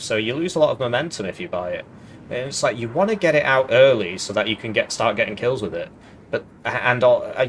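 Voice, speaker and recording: A man's voice: medium pitch, a bit bright, a little hiss or hum. A man casually commenting on a strategy game match, thinking aloud and drifting into side tangents.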